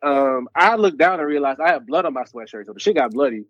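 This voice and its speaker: A man's voice: medium pitch, expressive, fast, a bit bright, no echo. A man guesting on a podcast, telling a rambling party story in casual chat. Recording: dull lo-fi sound.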